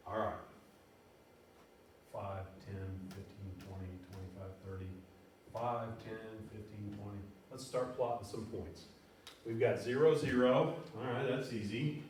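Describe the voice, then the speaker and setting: A man's voice: on the low side, fairly even intonation, unhurried, a little mellow, a little hiss or hum. A man teaching a math lesson in a casual way, thinking aloud and counting off numbers as he plots points. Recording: very echoey room, voice from far off, faint music.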